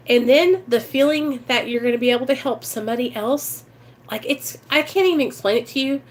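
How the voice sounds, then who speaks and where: In a casual recovery livestream, a Midwestern American woman talks to her viewers with earnest emotion. The recovery vlogger's voice is fairly high and a little fast.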